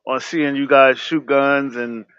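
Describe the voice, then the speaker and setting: A man's voice: medium pitch, fairly even intonation, a little slow, a bit bright, clean tone, no echo. A man hosting an interview show, rambling with many restarts and reacting with "wow.". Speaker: host. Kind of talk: casual interview. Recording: dry, dull lo-fi sound.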